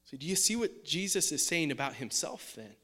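Man preaching in a chatty, questioning way. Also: fairly quick. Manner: conversational preaching, asks the audience questions; puts on a high excited dog-talk voice at times. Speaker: pastor. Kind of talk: sermon.

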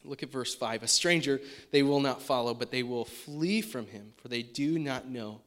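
A man preaching a sermon in a conversational way, often asking his listeners questions. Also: normal speed. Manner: puts on a high excited dog-talk voice at times. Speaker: pastor.

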